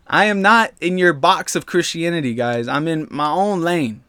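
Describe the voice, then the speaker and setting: A man's voice: a little high, normal speed, pushed and bright, smooth, dry recording. A man hosting a podcast alone, ranting bluntly and heatedly in casual slang and talking straight to his listeners. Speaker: podcast host.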